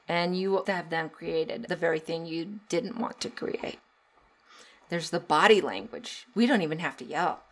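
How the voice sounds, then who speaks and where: A woman's voice: mid-range voice, a bit bright. A middle-aged woman hosting a solo parenting podcast. She talks earnestly, coaches her listeners and sometimes acts out what a parent would say. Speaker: podcast host.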